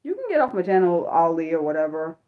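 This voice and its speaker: A woman's voice: fairly low pitch, sing-song, quick pace, narrow, tinny audio. A woman hosting an unscripted livestream, reading her chat aloud and venting with frequent swearing. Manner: reads and answers chat aloud. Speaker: livestream host.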